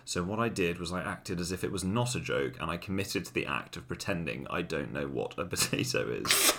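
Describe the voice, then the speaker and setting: Low gravelly guy, deadpan comic storytelling, casual podcast chat. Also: brisk. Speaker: podcast co-host.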